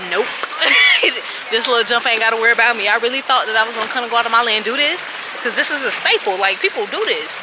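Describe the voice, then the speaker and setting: Chatty young woman over loud outdoor noise. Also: fairly high pitch, racing, hardly any pauses. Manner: chatty, joking, laughs often, slangy. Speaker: travel vlogger. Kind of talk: casual vlog chat. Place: outdoors at a lakeside cliff.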